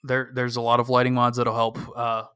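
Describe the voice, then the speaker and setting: Male podcast co-host, crisp, dry close-mic sound, casual and opinionated, filler-heavy. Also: medium pitch, completely flat delivery, a little fast, fairly bright tone, dry recording. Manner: frequent "um" fillers, cautious and opinionated.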